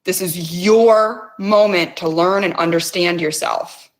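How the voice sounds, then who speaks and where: Slow, intense woman host. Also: on the low side. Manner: intense, coaxing, swears freely. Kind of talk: guided emotional release session.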